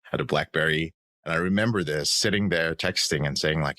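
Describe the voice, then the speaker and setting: A man's voice: rumbling low, brisk, pushed and bright, no room sound. A man in his thirties, a podcast guest, telling his personal story in an earnest, reflective way. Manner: earnest, reflective, acts out quoted voices.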